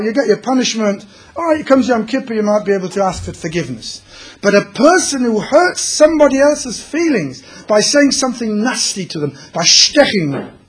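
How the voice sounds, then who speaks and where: A man's voice: sits high, husky. A man teaching a religious class, telling stories and mixing in Yiddish and Hebrew terms.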